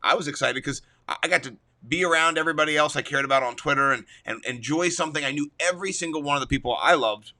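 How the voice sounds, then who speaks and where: Bright, upbeat man talking sports. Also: on the high side, quick pace, hardly any pauses. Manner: enthusiastic, jokey storyteller. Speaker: podcast co-host. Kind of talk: casual sports chat.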